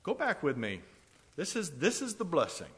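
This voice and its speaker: A male preacher delivering a fervent sermon, repeating phrases and swinging between loud declarations and soft, pleading asides. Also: a little high, wildly swooping pitch, normal speed.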